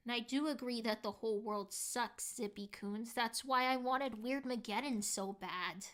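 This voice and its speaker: A woman's voice: a little high, moderate pace, fairly bright tone. A woman streamer in casual live chat, reading her viewers' comments aloud and answering them earnestly, saying "like" a lot. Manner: earnest, heartfelt.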